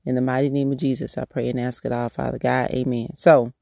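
A fast-talking devotional podcast host prays in a repetitive cadence, breaking into casual talk with restarts. His mid-range voice is mellow with vocal fry and little pitch change, heard in studio quality with no room sound.

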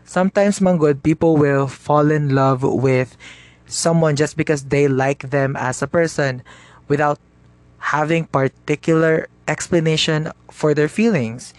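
A man with a Cebuano accent talks straight to his podcast listeners in a loose, casual monologue. His voice sits a little high for a man, and he slips Cebuano phrases into his English. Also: dry recording. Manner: chatty, mixing Cebuano into English, addresses listeners directly. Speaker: podcast host.

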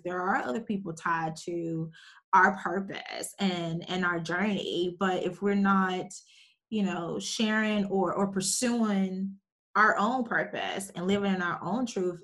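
A woman's voice: mid-range voice, a bit bright. A woman hosting a podcast, speaking casually and thoughtfully, restarting phrases as she thinks. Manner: reflective, repeats phrases while thinking. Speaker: podcast host. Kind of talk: casual conversation.

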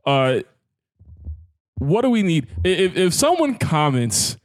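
A man hosting a podcast, teasing his friends in an energetic, laughing way. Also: a little high, slow pace. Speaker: podcast host. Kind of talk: casual chat.

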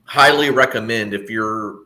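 A man's voice: lowish voice, unhurried, sharp tone. A man co-hosting a podcast, talking casually in long rambling stretches with frequent restarts and sardonic asides. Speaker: podcast co-host. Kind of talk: casual discussion.

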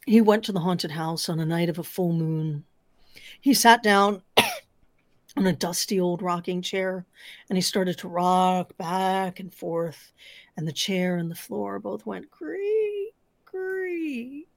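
A woman's voice: lowish voice, animated, slow pace, dry recording. A woman storyteller telling spooky stories on a podcast, building suspense and dropping to whispers. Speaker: storyteller guest.

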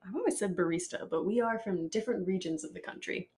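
A woman's voice: on the low side, fast talker, background noise. A woman co-hosting a podcast in casual chat, wry and blunt, swearing in her asides. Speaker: podcast co-host. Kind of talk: casual movie recap chat.

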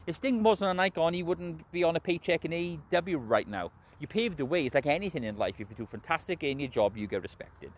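Mężczyzna z brytyjskim akcentem, który luźno i chaotycznie omawia wrestling, dużo przeklina i często się śmieje. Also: male voice, on the high side, very animated, brisk, few pauses. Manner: heavy swearing, rambling, laughs often. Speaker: wrestling show reviewer. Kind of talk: casual spoken recap and opinion.

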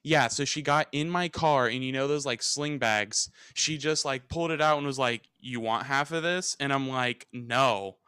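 A young male podcast host with a smooth, clear voice tells a rambling, animated story and acts out everyone's lines along the way. The sound is dry and close, with no room in it. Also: mid-range voice, normal speed, few pauses, dry recording. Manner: animated, rambling storyteller who acts out quotes and swears freely. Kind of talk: casual storytelling chat.

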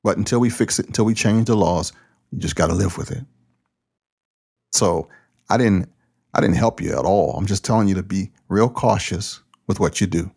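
Low gravelly-voiced man, podcast host. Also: a little mellow. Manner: loose and conversational, plain-spoken. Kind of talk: casual podcast talk.

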